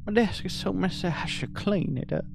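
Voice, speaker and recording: A man doing a lonely homebody for a game, soft-spoken, slightly raised pitch, mild musing tone. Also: normal speed, vocal fry, noisy background. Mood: wistful. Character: quiet lonely person living alone in a small home.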